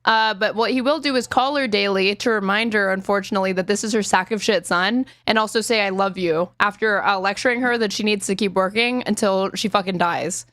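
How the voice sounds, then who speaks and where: A woman's voice: medium pitch, a little fast, few pauses, a bit bright, no room sound, studio quality. A woman streamer giving sarcastic, indignant live commentary on a podcast clip, swearing freely.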